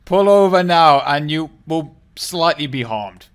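A bossy, mock-official air police officer barks pull-over orders at another pilot, as a man puts him on during his game commentary. The voice sits a little high and loud, staged with a wink rather than fully in character. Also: animated, unhurried, smooth. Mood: mock-stern. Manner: barking mock-official orders, breaking into laughter.

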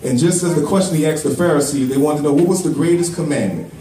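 A man's voice: fairly high pitch, fast talker, dark tone. A man preaching a sermon to a congregation, telling a story and drawing call-and-response. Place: church with congregation. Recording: echoey church from far off with congregation.

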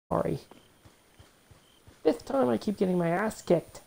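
A woman playing a video game and commenting casually, with loud exasperated outbursts and swearing at the enemies. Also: mid-range voice, animated, measured pace, creaky, long pauses, a little hiss or hum. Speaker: gamer. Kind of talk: casual let's-play commentary.

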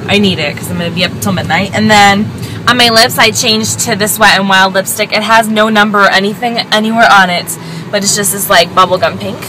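A woman's voice: medium pitch, steady tone, fairly quick. A young American woman with a slight East Coast accent, chatting casually to camera as a beauty vlogger, rambling with lots of fillers. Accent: American, slight East Coast trace. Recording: noisy background with traffic.

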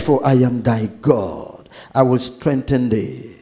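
A male pastor with a Nigerian English accent preaching a sermon, reading scripture slowly and emphatically and acting out Bible stories. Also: mid-range voice, expressive, warm tone.

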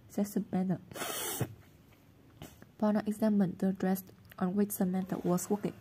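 Husky woman reading a story aloud. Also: mid-range voice, level tone, moderate pace, pauses often, mellow. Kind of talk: storybook narration.

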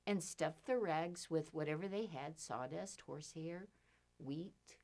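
A woman runs a children's storytime at a library. Her voice rises and falls in a bouncy, sing-song way. She takes her time, speaking slowly and clearly for little listeners. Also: medium pitch. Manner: sing-song, slow and animated, leading finger rhymes.

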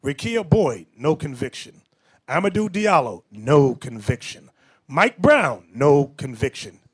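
Animated preaching bishop, lively voice. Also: male voice, on the high side, a little slow, slightly rough. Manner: animated, emphatic, off-the-cuff asides. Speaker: bishop and teacher. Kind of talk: preaching class lecture.

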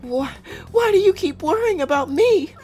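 Man's falsetto for a game schoolgirl, upset, high squeaky pitch, lively swings, defensive. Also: moderate pace, faint music behind. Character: flustered teenage girl, upset and defensive.

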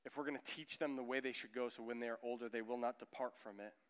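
A man in his thirties, a pastor preaching a sermon in a church, lively and acting out the voices of people he quotes. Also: mid-range voice, quick pace, smooth. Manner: animated, acts out quoted voices of his son and listeners. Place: church sanctuary. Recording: echoey church hall.

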